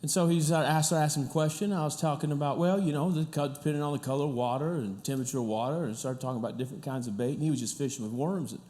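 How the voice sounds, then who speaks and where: A middle-aged pastor from the Kansas City area, telling a story in a sermon, chatty and animated with many restarts. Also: male voice, on the high side, racing, hardly any pauses.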